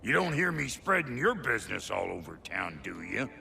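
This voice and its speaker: A man voicing a gruff, foul-mouthed male dwarf blacksmith in a video game, brash and slangy, with a gravelly voice. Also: mid-range voice, sing-song, normal speed, bright, forceful tone, heavily acted. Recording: game audio with music behind.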